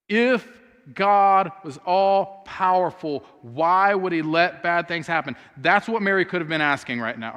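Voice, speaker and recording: A man's voice: a little high, bright, forceful tone. A man preaching a sermon as pastor, telling a story earnestly and speaking the sisters' words aloud. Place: church sanctuary. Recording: long hall reverb.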